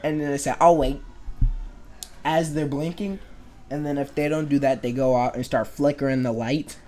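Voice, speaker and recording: A man's voice: mid-range voice, level tone, brisk, mellow. A young man telling comedic school stories in a chatty, sarcastic way, acting out the people he quotes. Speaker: animation storyteller. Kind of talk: comedic storytelling.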